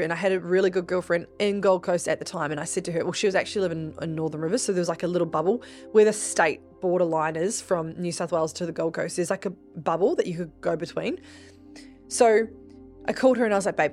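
A young Australian woman hosting a podcast, telling a story in a casual, animated way, swearing freely and acting out what people said. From Melbourne, Australia. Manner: animated, swears freely, acts out dialogue with big pitch jumps. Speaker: podcast host.

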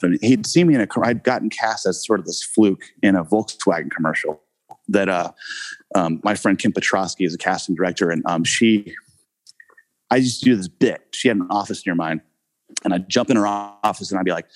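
A man with a fairly low voice telling a long personal anecdote in a casual interview. He rambles, piles on fillers like "you know" and "um", and chuckles as he goes. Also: fairly quick. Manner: rambling, many fillers, laughs often. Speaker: actor, guest telling his story.

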